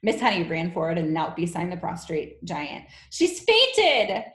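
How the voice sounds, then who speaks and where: A woman teacher reading a children's novel aloud to her class in an expressive, gentle way. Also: on the low side, normal speed. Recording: echoey room.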